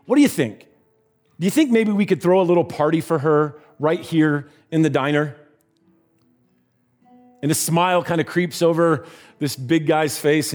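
A man preaching by telling a story, animated and giving voices to the characters in it. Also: on the high side. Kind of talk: sermon storytelling.

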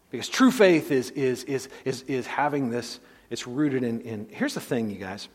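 A man's voice: mid-range voice, animated, moderate pace, few pauses, husky, long reverb tail. A man preaching an expository sermon in a conversational teaching way, often checking in with "right?" and restarting his sentences. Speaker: pastor.

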